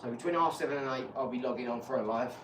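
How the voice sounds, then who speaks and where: A man's voice: mid-range voice, very fast. A man, chatting casually on a live stream during a boxing workout, rambling and swearing freely. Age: 40s. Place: home workout room. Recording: echoey room, distant mic, loud noise.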